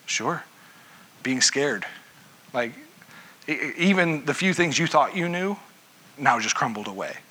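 A man's voice: mid-range voice, animated, a little slow, long pauses, pushed and bright, slightly rough. A man preaching a sermon in a conversational way, often stopping to ask his listeners questions. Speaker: pastor. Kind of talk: interactive sermon.

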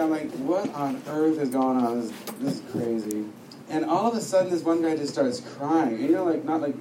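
A man teaching a sermon, telling a story with humor and acting out what people said. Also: sits high. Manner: storytelling with humor, acts out dialogue. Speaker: preacher. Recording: echoey room, distant mic, noisy.

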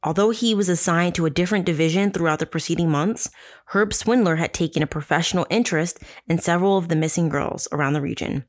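A woman hosting a casual true crime podcast, telling the story with sarcastic, profane asides. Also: low voice. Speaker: podcast host.

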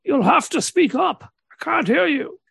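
A man's voice: very high voice, big pitch swings, measured pace, gravelly, dry recording, studio quality, pitched above the performer's own voice, heavily acted. A man putting on the voice of a jolly old deaf man who keeps asking people to speak up. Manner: shouty, asks people to speak up.

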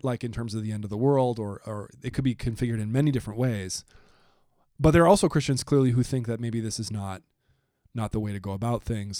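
A man's voice: mid-range voice, a little mellow, dry recording. Man, podcast co-host, casual chat, jokey, dry studio sound. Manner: reads quotes aloud slowly, jokey.

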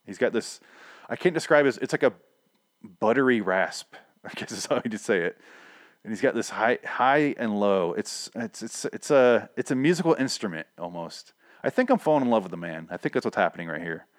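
A man with a fairly low voice hosts a casual solo podcast about a TV show. He rambles excitedly, trips over his words, restarts his sentences and swears freely. His voice is starting to go hoarse. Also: brisk, dry recording, clean studio sound. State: voice going hoarse. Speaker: podcast host.

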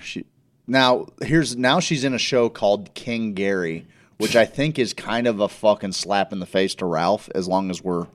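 A man hosting a casual podcast, rambling and crude, with frequent restarts. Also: low-pitched. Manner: rambling, crude, self-interrupting. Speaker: podcast host. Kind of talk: casual chat.

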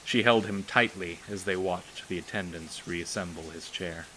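A man narrating a novel aloud in a measured, solemn storytelling manner. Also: sits low, pushed and bright, a little hiss or hum, rough recording. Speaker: audiobook narrator. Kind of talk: scripted narration.

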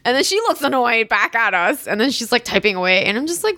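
A young woman casually telling a story, acting out quoted lines with a jump in pitch and frequent laughs. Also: fast, hardly any pauses, no echo, studio quality. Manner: animated, acts out quotes with rising pitch and laughs. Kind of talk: casual chat.

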